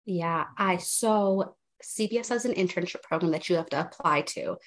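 A young woman with a fairly low voice tells her story as a guest on a podcast. She talks casually, full of fillers, and slips into animated retellings of conversations. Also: moderate pace.

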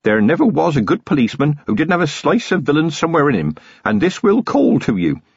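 A man's voice: a little high, wildly swooping pitch, quick pace, vocal fry, breathy edge, no echo, pitched above the performer's own voice, heavily acted. A man reading a novel aloud, voicing an earnest young village constable who is eager, deferential and boyish. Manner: eager and deferential, lots of "sir". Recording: dull lo-fi audiobook recording.

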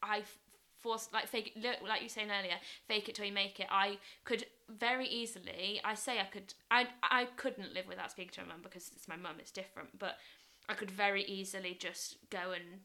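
A young woman from England in casual podcast chat, thoughtful and often trailing into soft, quiet asides. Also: mid-range voice, steady tone, brisk, hardly any pauses. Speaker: podcast co-host.

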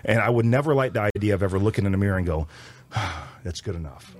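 A man in his late thirties from Texas, chatting casually on a podcast in an animated, rambling way with many restarts. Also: on the low side, fast. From Texas, USA. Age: 30s. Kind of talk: casual chat.

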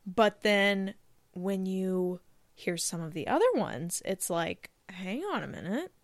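A woman's voice: medium pitch, animated, slow, dry recording. A woman hosting her own podcast, chatting casually and rambling off topic while speaking close to a microphone. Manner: rambling, chatty, self-deprecating. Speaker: podcast host. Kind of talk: casual solo podcast chat. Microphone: close studio microphone.

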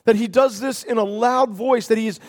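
Very high-voiced preacher in a reverberant hall. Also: male voice, fairly even intonation, a little mellow. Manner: earnest, stretches key words slowly for emphasis. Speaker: pastor. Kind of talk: sermon.

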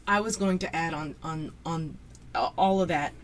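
A woman's voice: low voice, normal speed, slight background noise. A woman hosting her podcast, chatting casually and reflectively with her husband, laughing often. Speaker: podcast host.

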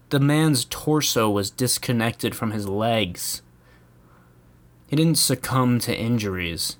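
A man's voice: mid-range voice, slow. An American man ranting casually in a rambling, profane way, chuckling often. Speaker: vlogger. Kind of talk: casual comedic rant.

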